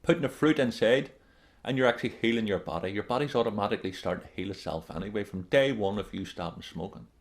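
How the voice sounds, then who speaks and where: A man's voice: fairly low pitch, fast. A man presenting a self-help video, talking bluntly and emphatically straight to his viewers, repeating his main points and calling them "guys". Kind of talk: direct-to-camera motivational advice.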